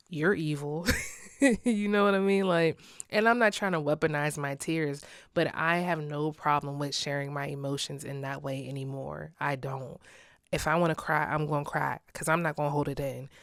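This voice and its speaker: A woman's voice: sits low, steady tone, moderate pace, dry recording. Candid young woman, dry close sound. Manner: candid, laughs often while talking. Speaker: podcast host. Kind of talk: casual solo podcast monologue.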